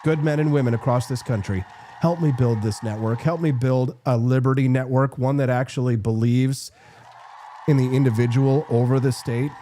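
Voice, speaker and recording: Hoarse man hosting political commentary. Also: mid-range voice, fairly even intonation, moderate pace, warm tone, a little hiss or hum. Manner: emphatic, repetitive rhetorical punches. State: hoarse, losing his voice. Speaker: host.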